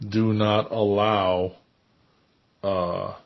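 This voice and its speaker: A man hosting his channel, giving earnest commentary in a measured, deliberate way with frequent pauses. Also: fairly low pitch, level tone, lo-fi sound. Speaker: channel host. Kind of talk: earnest spoken commentary to camera.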